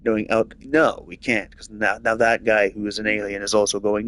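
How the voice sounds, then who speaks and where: A man with a somewhat low voice talks casually while he plays a video game. He rambles through his ideas and leans on filler words as he thinks aloud. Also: flat delivery, normal speed, a bit bright. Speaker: game streamer. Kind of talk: casual rambling commentary over gameplay.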